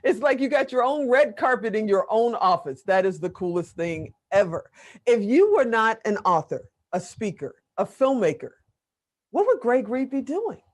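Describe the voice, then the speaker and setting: A woman's voice: on the high side, sing-song, normal speed. A woman hosting an interview, reacting with eager amazement and asking questions. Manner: enthusiastic, exclaims amazement. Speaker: interview host. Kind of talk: casual interview chat.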